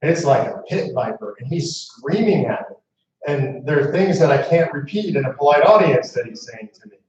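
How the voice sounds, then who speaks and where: A man's voice: on the high side, lively intonation, moderate pace, darkish tone, distant mic. A man giving a storytelling speech to a live audience as founder of a movement, speaking conversationally with asides to the crowd. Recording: echoey room mic heard from afar, muffled.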